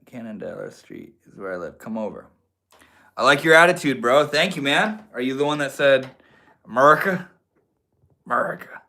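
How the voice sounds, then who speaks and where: A man's voice: mid-range voice, gravelly, pushed and bright. A man from Maine hosting a casual livestream, reading and answering chat comments in a laid-back, slangy way, calling viewers homie and bro. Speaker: livestream host.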